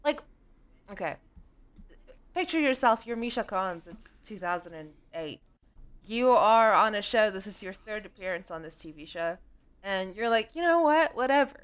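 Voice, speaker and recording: Excitable, expressive woman podcaster. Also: medium pitch, moderate pace, long pauses, clean tone. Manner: excitable, exclamatory, swears freely. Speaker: podcast co-host. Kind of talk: casual chat.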